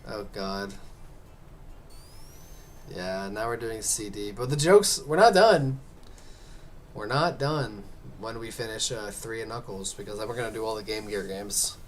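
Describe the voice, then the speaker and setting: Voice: mid-range voice, a little slow, long pauses, slight background noise. A gamer giving casual commentary while playing, muttering encouragement to themselves and joking with chat. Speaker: let's play gamer.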